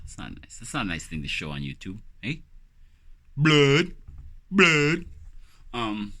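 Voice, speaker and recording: A vlogger rambles casually to the camera in a low-pitched voice that's pushed and bright, joking as he tells stories. He's a loose storyteller who acts out the voices he quotes.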